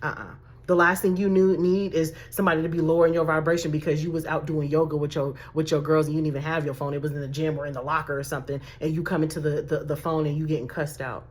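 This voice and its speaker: A woman's voice: deep voice, little pitch movement, quick pace. A woman, giving emphatic, sassy dating advice as a life coach with laughing asides. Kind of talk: direct-to-camera advice talk.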